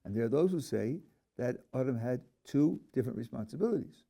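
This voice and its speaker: A man's voice: mid-range voice, expressive, a little fast, vocal fry, dark tone. A man, a rabbi, teaching a text class, reading verses aloud and then questioning them with dry humor. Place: yeshiva classroom.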